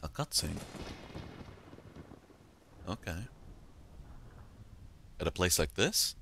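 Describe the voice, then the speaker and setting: A man giving casual gameplay commentary, excitable, swearing and laughing often. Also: low-pitched, extremely slow, gravelly, a little hiss or hum. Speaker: let's play gamer.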